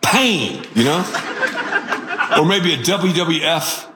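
A man preaching a sermon as pastor, telling stories in an animated, joking way. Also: fairly high pitch, slow pace, roomy sound, noisy background.

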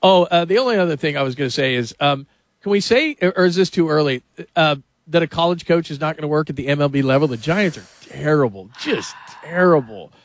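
A man's voice: fairly high pitch, animated, dry recording. A man hosting a sports radio show, talking loosely and laughing often in casual chat. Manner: loose, rambling, quick to laugh.

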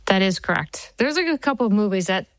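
A woman in her forties, a TV writer being interviewed, telling stories in a lively way and laughing easily. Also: mid-range voice, fast talker, no room sound, poor audio. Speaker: TV writer and showrunner, interview guest. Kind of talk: conversational interview answers.

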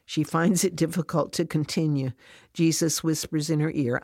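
A woman narrating a devotional story in a calm, even storytelling manner. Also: deep voice, moderate pace, dry recording, clean studio sound.

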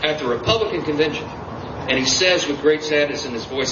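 A man's voice: a little high, a little fast. A man giving an emphatic campaign stump speech at a political rally. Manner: emphatic, animated rally speaking. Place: campaign event. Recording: roomy, distant, dull, noisy rally audio.

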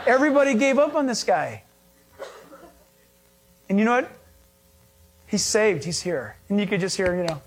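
A male pastor preaching a sermon, animated and acting out little scenes with humor. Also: high-pitched, normal speed, long pauses.

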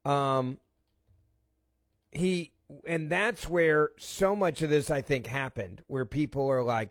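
A man's voice: medium pitch, slow, dry recording, studio quality. A man hosting a talk radio show, reading out a report and then ranting with emphatic, repeated phrases before taking calls. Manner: indignant, emphatic, repeats himself.

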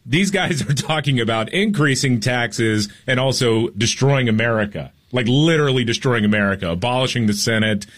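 A man's voice: mid-range voice, fairly bright tone. A man co-hosting a talk radio show, giving heated, sarcastic political commentary. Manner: heated, sarcastic, quick to mock. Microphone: studio microphone.

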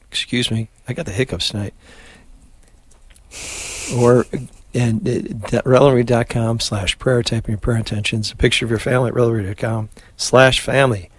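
A male radio host leading the rosary in steady call-and-response and giving relaxed, chatty announcements on a live prayer broadcast. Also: medium pitch, brisk, husky, no echo.

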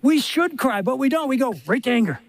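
An older man preaching a sermon, telling stories with lively acted-out quotes. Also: very high voice, a little fast, no echo. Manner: animated storytelling with acted-out quotes. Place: live event stage.

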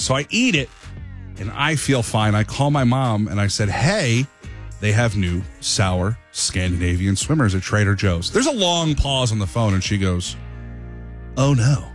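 A man hosting a radio show, telling a casual, self-mocking story with a dramatic flair. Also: medium pitch.

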